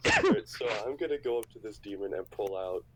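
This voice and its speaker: A man plays a tabletop game over voice chat, hesitant and talking his options through aloud. His voice is on the low side but lively in pitch. Faint noise sits under the recording. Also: brisk. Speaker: player.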